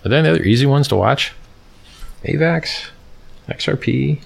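A man's voice: mid-range voice, animated, moderate pace, gravelly, husky. A man hosting a casual livestream, rambling and mocking, reading from his screen and talking to viewers in chat. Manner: reads from the screen and chats with viewers. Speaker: livestream host.

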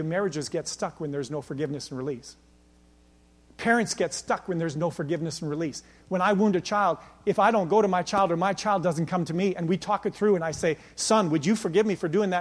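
A middle-aged man preaching a sermon as pastor, emphatic and rhetorical, building to near-shouts at his peaks. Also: high-pitched, fairly quick. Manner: repeats "can I tell you" rhetorically.

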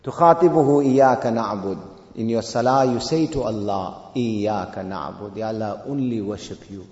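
A man preaching a sermon, telling a story and reciting Arabic verse, rising to loud emphatic peaks. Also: on the low side, brisk. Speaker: Islamic preacher. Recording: echoey hall, dull lo-fi sound.

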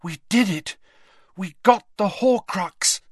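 A man voicing an anxious teenage boy wizard who talks in an urgent, rushed way. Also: high-pitched, animated, no room sound, studio quality, pitched above the performer's own voice.

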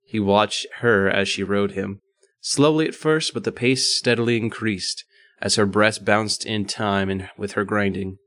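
A male podcast host with a fairly low voice reads a story aloud in a casual, unpolished way, tripping over words and going back to fix them. The recording is dry and close. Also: little pitch movement, a little slow, fairly bright tone, no room sound. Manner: reads with frequent stumbles and asides.

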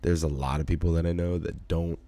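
A man's voice: sits low, steady tone, brisk, warm tone, no room sound. A young adult man hosting his podcast, tired and yawning, rambling casually with fillers and swearing. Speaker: podcast host. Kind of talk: casual early-morning monologue.

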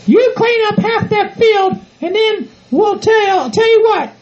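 A man voicing a bossy rancher's wife in a comedy audio skit, shouting orders and scolding. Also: extremely high pitch, slow, pitched above the performer's own voice. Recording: dull lo-fi home recording, off-mic.

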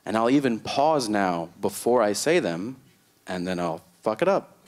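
A man's voice: lively intonation, moderate pace. Exasperated male stand-up comic. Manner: exasperated, jumping into high shouted outbursts. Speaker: stand-up comedian. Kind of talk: stand-up comedy set. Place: comedy festival stage.

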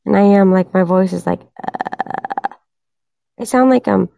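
A tired woman hosts a casual livestream, her voice hoarse and gravelly. She speaks slowly and lets her pitch swing widely as she chats with viewers. The sound is dry, close and roomless. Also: mellow, no room sound. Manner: chatty, addresses viewers in chat. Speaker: livestream host.

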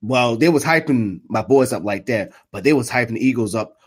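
Excitable trash-talking male game commentator. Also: medium pitch, a little fast, slightly rough. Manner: swings between muttered asides and loud outbursts. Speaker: live sports commentator and streamer. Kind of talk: casual live football commentary.

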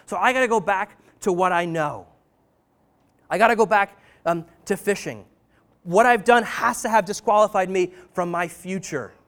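A man voicing Peter as an ashamed fisherman doubting himself, a little higher than his own voice. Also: normal speed, a bit bright.

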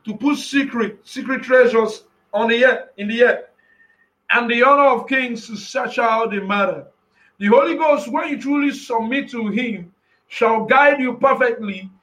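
High, bright-voiced man preaching fervently. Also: rough recording. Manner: preaching with emphatic shouted bursts; repeats and restarts phrases. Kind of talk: impassioned sermon.

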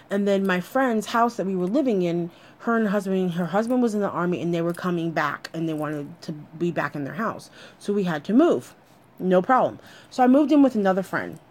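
A woman's voice: medium pitch, a little mellow. A woman telling a personal story in a blunt, candid way, swearing freely as she talks.

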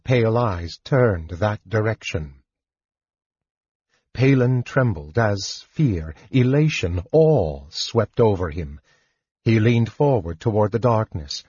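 A man narrating an audiobook in a slow, expressive reading. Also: on the low side, slightly rough, dry recording, muffled recording. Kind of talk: scripted narration.

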